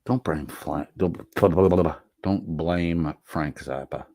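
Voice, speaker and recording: A man's voice: a bass voice, unhurried, darkish tone, no echo. A middle-aged man rambling through an unprepared monologue as a livestream host, reading chat messages aloud with a profane, sardonic edge. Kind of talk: unscripted monologue, casual chat.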